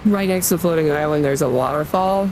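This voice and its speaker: A man's voice: a little high, quick pace, a little mellow, slight background noise, rough recording. A young man streaming, chatting casually and rambling while he reads out donations, into a desktop USB mic. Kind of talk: casual livestream chat.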